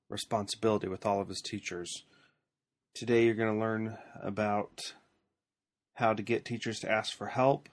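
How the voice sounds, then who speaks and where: A man's voice: lowish voice, no echo. Man with a cold hosting a podcast. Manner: friendly, plain, reads the sponsor message. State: has a cold, voice deeper than usual. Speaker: podcast host interviewing a principal. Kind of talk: podcast intro and interview questions.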